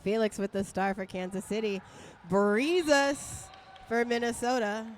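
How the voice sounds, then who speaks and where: Woman doing roller derby play-by-play, kinda slow, goofy banter w her co-host. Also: fairly high pitch, steady tone, slight background noise. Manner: playful, jokey banter between calls. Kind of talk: live play-by-play commentary.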